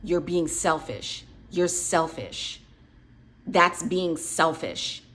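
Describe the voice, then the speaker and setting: A woman's voice: low voice, lively intonation, extremely slow, a bit bright, slight background noise, heavily acted. A woman quoting her controlling middle-aged mother in an accusing, repetitive way, in nearly her own voice. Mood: scolding.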